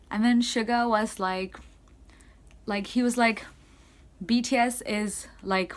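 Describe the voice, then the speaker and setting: A young woman excitedly recapping a concert she attended, in casual rambling speech full of "like". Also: medium pitch. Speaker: concert-going fan.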